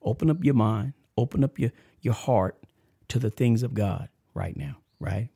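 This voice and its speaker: A man hosting a faith podcast, mixing lively shout-outs with preacher-style reading of a testimony. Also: mid-range voice, normal speed, husky, no room sound, clean studio sound. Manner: animated, emotional, shout-outs and laughs; preacher-like cadence. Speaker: podcast host. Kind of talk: casual preaching and reading a letter.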